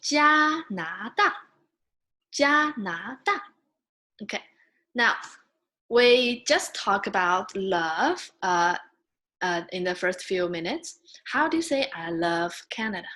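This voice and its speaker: A woman leads a beginner lesson at a very unhurried pace. She is a patient teacher who stretches each syllable out and calls the sounds high and loud as she drills them. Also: expressive. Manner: patient, drawn-out, models sounds loudly and high. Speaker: Mandarin teacher. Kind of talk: slow classroom instruction with drilled syllables.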